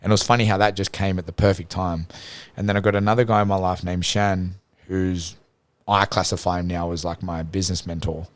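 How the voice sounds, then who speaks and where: A man talks on a podcast in a casual, reflective way, telling an earnest personal story. His voice sits very low, and the recording is dry with no room echo. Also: steady tone, brisk, hardly any pauses. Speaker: podcast guest.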